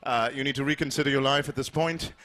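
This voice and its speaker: A man voicing a pompous male official who lectures in a halting, formal way, in live improvised stand-up. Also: medium pitch, fairly even intonation, a bit bright, lightly acted. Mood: officious.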